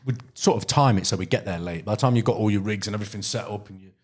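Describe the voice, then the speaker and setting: A man's voice: lowish voice, very fast, slightly rough. A middle-aged man with an English Midlands accent, chatting casually as a podcast guest and telling rambling anecdotes full of ums and "you know". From Derbyshire, England. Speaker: podcast guest, carp angler. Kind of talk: casual podcast chat, storytelling.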